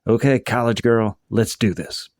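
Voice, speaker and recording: A man's voice: on the low side, unhurried, a little mellow, no room sound, studio quality. A man reading a novel aloud, voicing a tough young woman starting college who swears bluntly. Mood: nervous pep talk.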